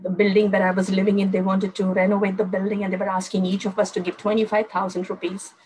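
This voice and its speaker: A woman's voice: medium pitch, little pitch movement, quick pace, darkish tone, slightly rough, rough recording. An older woman, preaching a fervent testimony sermon and telling stories to her listeners. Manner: fervent, storytelling, addresses listeners as friends.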